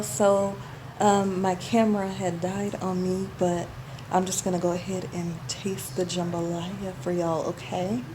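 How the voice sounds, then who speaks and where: A woman's voice: mid-range voice, background noise. A woman chatting casually to viewers while cooking in her home kitchen, calling them y'all. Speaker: cooking vlogger.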